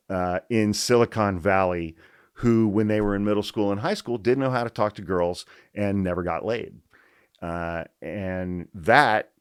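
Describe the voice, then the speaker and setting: A man hosting a podcast, delivering a profane, sarcastic and animated solo rant. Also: lowish voice, clear, resonant tone, dry recording, clean studio sound. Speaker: podcast host. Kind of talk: ranting solo commentary.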